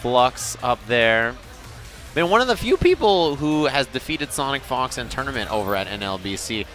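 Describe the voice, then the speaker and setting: Male esports caster, animated pitch, joking banter, loud music behind at the venue. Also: normal speed. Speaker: esports commentator. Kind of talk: live fighting game commentary.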